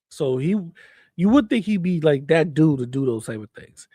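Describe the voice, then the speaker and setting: A man delivers a heated, rambling rant, repeating himself and swearing as he trash-talks. His voice sits a bit higher than most men's. The sound is close and completely dry. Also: warm tone, dry recording. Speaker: commentary streamer. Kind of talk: ranting commentary.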